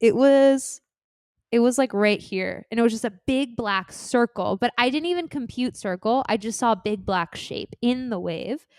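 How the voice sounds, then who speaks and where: Animated young woman storyteller, dry mic. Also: a little high, normal speed, no room sound. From Florida. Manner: animated storyteller, acts out her own past lines. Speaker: podcast co-host. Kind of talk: casual chat. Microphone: desk mic on a stand.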